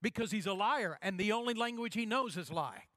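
A man pastor delivering a sermon, emphatic, repeating key phrases and slowing down to stress them. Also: sits high, lively intonation, sharp tone, dry recording, studio quality.

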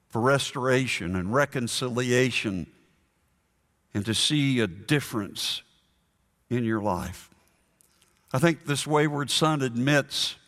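Slow earnest preacher man. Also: medium pitch, fairly bright tone, big-room sound. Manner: slow, earnest, emphatic with repetition. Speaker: pastor. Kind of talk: sermon.

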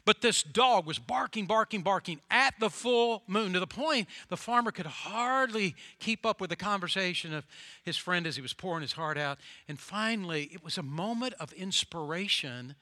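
Sharp-voiced male preacher. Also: sits high, expressive, normal speed, dry recording. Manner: storytelling, emphatic with repeated phrases. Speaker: pastor. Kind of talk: sermon.

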